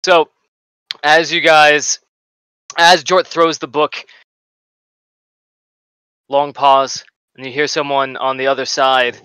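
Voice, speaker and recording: Male game master, casual narration, bright clear voice, dry close recording. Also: a little high, flat delivery, takes it slowly, pauses often, no echo, rough recording. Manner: casual, laughs often.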